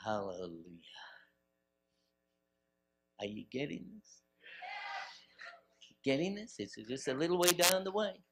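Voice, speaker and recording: A man's voice: medium pitch, sing-song, takes it slowly, vocal fry, pauses often. Emphatic preaching man. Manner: emphatic preaching with rising bursts and quiet stretches. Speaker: pastor. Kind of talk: sermon. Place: church service.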